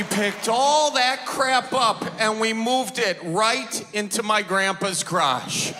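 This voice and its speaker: A man's voice: high voice, lively intonation, slow pace, hardly any pauses, noisy background. A man doing stand-up on a club stage, telling folksy family stories to the crowd. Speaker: stand-up comedian. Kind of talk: stand-up storytelling. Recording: long hall reverb.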